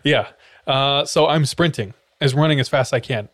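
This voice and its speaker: Animated young man telling a story. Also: medium pitch, normal speed, no echo, studio quality. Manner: animated, acts out quotes with sound effects and laughs. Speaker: podcast co-host. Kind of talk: casual storytelling chat.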